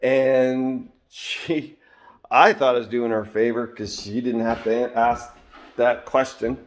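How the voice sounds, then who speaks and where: A middle-aged man telling a story and reflecting on it in a casual monologue, with lots of fillers and throat-clearing. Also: medium pitch, fairly even intonation, measured pace, a little hiss or hum. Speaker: vlogger and job-site supervisor.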